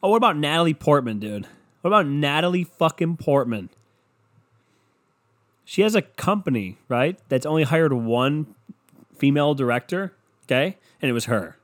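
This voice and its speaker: A man's voice: fairly high pitch, animated, moderate pace, pauses often, fairly bright tone. A man ranting in a sarcastic comedy style, swearing freely and mocking people. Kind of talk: profane comedic rant.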